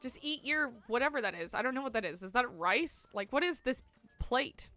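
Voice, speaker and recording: A woman from Canada, chatting casually with viewers as she comments on her gameplay, rambling, full of "like" fillers and quick to laugh. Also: fairly high pitch, animated, sharp tone, faint music behind. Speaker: streamer.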